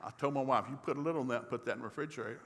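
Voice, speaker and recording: An older man, a pastor from the rural South, tells a family story in a folksy, animated sermon. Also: medium pitch, very fast, in a large hall. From rural American South.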